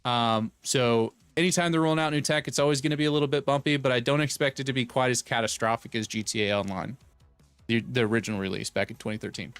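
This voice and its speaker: A man in his thirties chats on a live stream in a smooth, resonant voice at a mid pitch. He rambles and jokes as he riffs on viewers' messages, recorded dry and close to the mic with faint music behind him. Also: steady tone, quick pace, fairly bright tone, no echo. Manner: rambling, joking, reads chat aloud and riffs on it. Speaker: streamer host. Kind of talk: casual live-stream chat.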